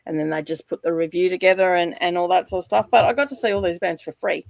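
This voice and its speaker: A chatty middle-aged woman with an Australian accent, talking in a rambling, easygoing way and laughing often. Her voice sits a little low, and the sound is dry and close. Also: fairly even intonation, quick pace, creaky, no room sound. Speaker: livestream guest. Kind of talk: casual chat.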